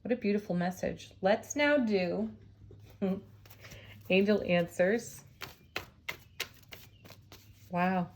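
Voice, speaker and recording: Woman tarot reader, calm and soothing, breaks into delighted laughs. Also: medium pitch, extremely slow, long pauses, a little hiss or hum. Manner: gentle, soothing, laughs often; awed and excited at the cards. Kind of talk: tarot reading vlog.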